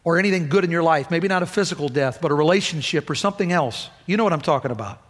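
A man preaching a sermon in a casual, conversational way, with asides and small jokes, turning high and intense as he retells emotional moments. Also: expressive, very fast. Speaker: lay preacher. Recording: hall reverb.

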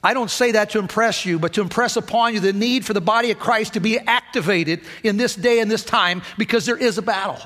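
A man preaching a sermon in a casual, conversational way, with asides and small jokes, turning high and intense as he retells emotional moments. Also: brisk, few pauses, a bit bright. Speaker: lay preacher. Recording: hall reverb.

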